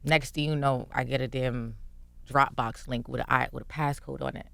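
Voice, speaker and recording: A woman's voice: a bass voice, moderate pace, vocal fry, no room sound. A young woman telling a story as a guest on a radio show, in casual chat and acting out what others said. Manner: animated storytelling, acting out quotes. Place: radio studio. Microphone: studio microphone.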